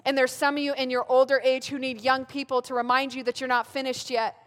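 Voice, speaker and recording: A woman's voice: high voice, level tone, fast. A woman, preaching a sermon in a humorous, self-mocking storytelling way. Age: 30s. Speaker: pastor speaking at a women's gathering. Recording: long hall reverb.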